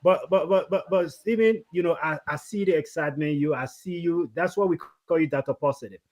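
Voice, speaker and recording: Fast, animated moderator. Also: male voice, a little high. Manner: animated, teasing, repeats for emphasis. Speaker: show host, moderator. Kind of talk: casual panel discussion.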